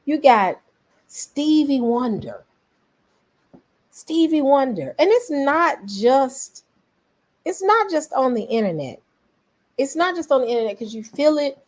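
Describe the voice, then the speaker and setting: A woman from Memphis with a Southern accent, hosting a casual commentary vlog, animated and rambling as she talks straight to her viewers. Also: sits high, a little slow. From Memphis, Tennessee. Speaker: vlogger host.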